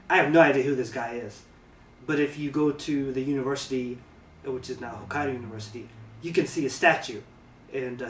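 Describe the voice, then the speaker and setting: Male vlogger from the US, laid-back and halting with lots of filler words, mid pitch, roomy sound, a bit off mic. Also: far from the mic. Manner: relaxed, hesitant, lots of ums and uhs. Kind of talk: casual explainer vlog.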